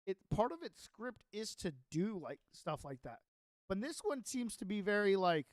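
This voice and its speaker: A man's voice: sits high, animated, moderate pace, clean tone, dry recording, clean studio sound. A young man live-streaming a game, chatting loosely with his viewers and reading his own notes aloud in a rambling way. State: sleepy, yawning. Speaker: Minecraft streamer. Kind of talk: casual live-stream chat.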